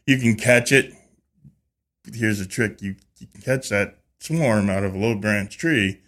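This beekeeper, appearing as a podcast guest, narrates unhurriedly in a fairly low male voice with an easygoing, conversational feel. Quoted lines get animated voices, and he often circles back to restart or repeat himself.

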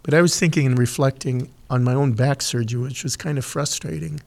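Guy doing a heartfelt devotional, slow and emphatic, mid-pitched. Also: steady tone, creaky, darkish tone. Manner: earnest, slow and emphatic with pauses, gets emotional. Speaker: podcast host giving a devotional. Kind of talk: devotional talk and prayer.

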